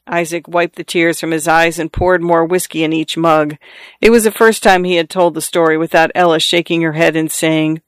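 A man narrating a novel as an audiobook in a measured, expressive way. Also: on the high side, clear, resonant tone, no room sound.

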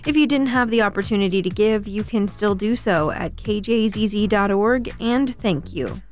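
A woman gives station announcements, traffic and weather in a clear, measured read. A faint music bed sits beneath her voice. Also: mid-range voice, a little mellow. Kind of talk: scripted radio announcements.

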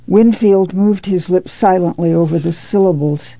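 A woman narrating a novel in a measured, low-key reading, on a dull lo-fi recording. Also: dark tone, no echo. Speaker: audiobook narrator. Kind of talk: scripted narration.

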